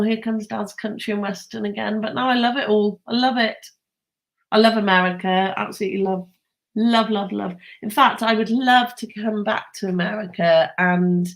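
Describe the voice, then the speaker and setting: A woman, chatting casually with live viewers, enthusiastic and laughing often. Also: medium pitch. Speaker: host.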